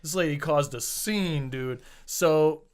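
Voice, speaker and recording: A young man, a podcast guest, casually telling an animated story and swearing freely. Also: fairly high pitch, slow, over a noisy crowd. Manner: animated, swears freely, acts out shouted quotes.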